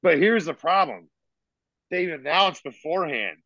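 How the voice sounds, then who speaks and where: A man's voice: on the high side, expressive, normal speed, pushed and bright, no echo. A man in a casual chat telling rambling, profane stories about the old days, heard over earbuds on a remote call. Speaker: guest musician. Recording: dull lo-fi remote audio.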